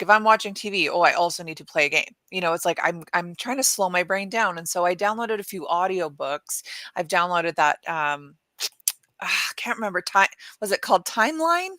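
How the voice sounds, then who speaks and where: A woman in her thirties with an American accent, co-hosting a morning talk show in rambling, animated casual chat. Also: lowish voice, normal speed, no room sound. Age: 30s.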